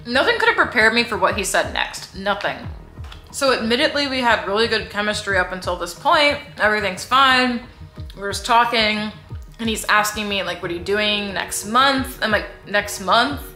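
Woman vlogger, chatty and sarcastic storyteller; bright tone, roomy echo. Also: medium pitch, lively intonation, normal speed, soft background music. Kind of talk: casual storytime vlog.

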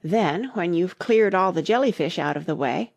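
A woman voicing a sorrowful male sea creature, tearful and then wildly excited, in a storybook reading. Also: fairly low pitch, normal speed, vocal fry, dry recording.

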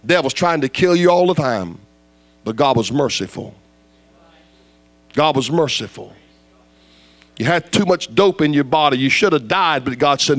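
A man preaching a fiery evangelistic sermon, dropping to low intensity then rising to loud, high shouts. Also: animated, moderate pace, pauses often.

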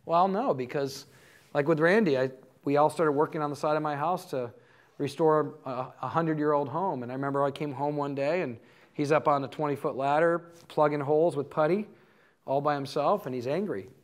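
A man's voice: fairly high pitch, a little fast. A man giving a conversational teaching talk to a live audience, telling stories in an earnest way. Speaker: conference speaker.

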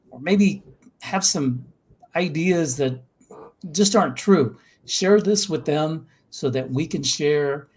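A man's voice: fairly high pitch, a little mellow, breathy edge. A man hosting a live stream, earnestly urging viewers to subscribe and share. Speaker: channel host.

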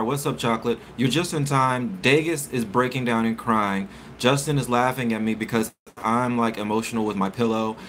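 A man's voice: mid-range voice, steady tone, moderate pace, hardly any pauses, a bit bright, slight background noise. A man hosting a casual live stream, chatting with viewers and reading articles aloud with stumbles and self-corrections.

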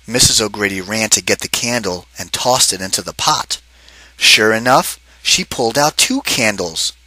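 A man reads a picture book aloud to children, his voice bright and forward, swinging up and down in pitch as he tells the tale. He turns often to talk right to the kids, and the sound is close and dry with no room around it. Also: no echo, poor audio. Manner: expressive, talks straight to the children. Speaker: children's read-aloud narrator. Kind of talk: storybook read-aloud for kids.

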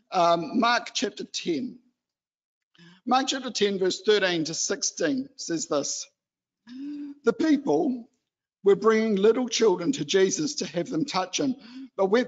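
A man from New Zealand giving an animated, chatty exhortation in a church hall. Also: sits high, lo-fi sound. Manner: chatty and animated, acts out excited children. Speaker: lay preacher.

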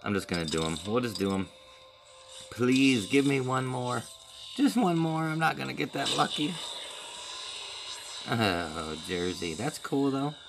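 A man's voice: mid-range voice, lively intonation, unhurried, vocal fry, long pauses, background noise. A man giving casual running commentary while opening crates and playing a game, talking to himself. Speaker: gaming video creator.

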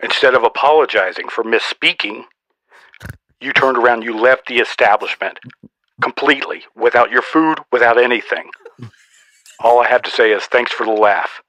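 A man's voice: mid-range voice, moderate pace, bright, forceful tone, no room sound, lo-fi sound, natural voice. A man voicing a boastful, snarky old male Santa Claus, roasting people in a mock-stern way for a comedy podcast sketch. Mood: teasing.

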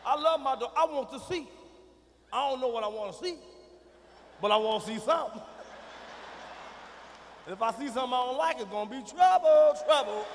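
A middle-aged man doing a profane stand-up comedy routine on a big arena stage, dropping from low muttering to shouting. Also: animated, fast talker, long pauses, slight background noise. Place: large arena stage with audience. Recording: live hall recording with reverb.

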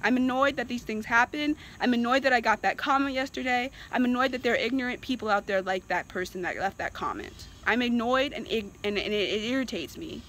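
A woman's voice: on the high side, a little fast, hardly any pauses, a bit bright, slight background noise, low-quality recording. A woman from Virginia ranting in a vlog, exasperated and emphatic, repeating herself for emphasis. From Virginia, USA. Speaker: vlogger. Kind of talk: impassioned opinion rant.

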